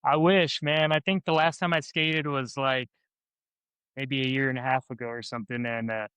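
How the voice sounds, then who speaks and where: Metal band singer guy on a podcast, bright crisp voice, super laid back, says like a lot. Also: mid-range voice, steady tone, moderate pace, no echo. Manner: laid-back, lots of likes and fillers. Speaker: band vocalist guest. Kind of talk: casual chat.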